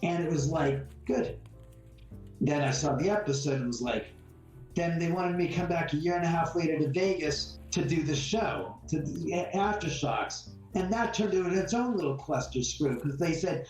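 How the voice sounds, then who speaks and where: Blunt, animated man telling a story. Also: on the high side, moderate pace. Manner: blunt, animated storyteller who acts out quotes. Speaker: homeowner guest. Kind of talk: storytelling interview. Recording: roomy, distant mic with faint music.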